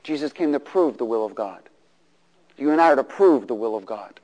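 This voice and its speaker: A man's voice: mid-range voice, a little fast. A middle-aged man preaching a sermon, calling for responses from the congregation and acting out the voices of people in the story. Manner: animated, call-and-response, acts out voices. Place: church hall. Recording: long reverb of a large hall.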